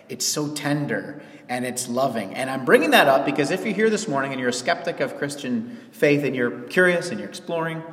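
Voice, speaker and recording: A man preaching a sermon in a conversational, animated way from a church sanctuary. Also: medium pitch. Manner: conversational, animated, with quoted asides. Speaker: pastor. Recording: echoey church hall.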